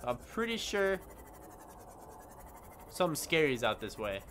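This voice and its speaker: A man's voice: a little high, big pitch swings, measured pace, a bit bright, slight background noise. A man giving casual gameplay commentary, rambling with stammering restarts and yelping in panic when startled. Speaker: gaming YouTuber. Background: game music.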